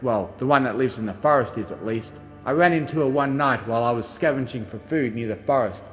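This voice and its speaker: A man narrates a story journal aloud, his delivery expressive and moving between gruff and frightened. His voice sits in the middle range. A long reverb trails his words, and faint music plays underneath. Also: mid-range voice, brisk. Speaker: audiobook reader. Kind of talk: first-person audiobook narration of a journal.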